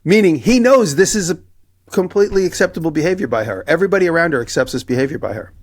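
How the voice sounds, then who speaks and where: A man on a podcast telling a story in casual chat, animated and acting out the people in it. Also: a little high, fast talker. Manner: animated anecdote telling, acting out both sides of quoted exchanges. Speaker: podcast co-host.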